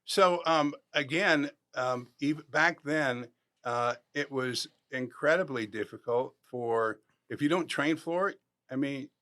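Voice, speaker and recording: A man in his sixties, a former football player, telling animated stories in a podcast interview and acting out the voices of people he quotes. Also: medium pitch, takes it slowly. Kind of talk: storytelling interview.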